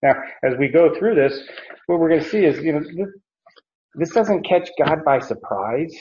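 A man teaching a sermon through Bible passages in a measured, hesitant way, pausing often on fillers. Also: on the high side, expressive, darkish tone, highs cut off.

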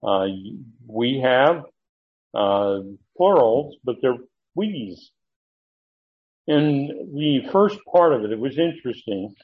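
A man teaching a Bible study, deliberate and emphatic, pausing often with fillers. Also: medium pitch, expressive. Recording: muffled lo-fi recording.

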